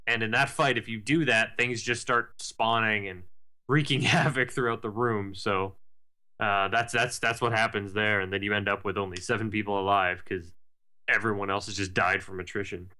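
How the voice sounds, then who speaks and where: A man co-hosts a casual gaming podcast and gives long, detailed run-downs scattered with fillers. His voice sits low and carries a forceful edge. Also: steady tone, normal speed. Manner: explains in detail, with many fillers. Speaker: podcast co-host.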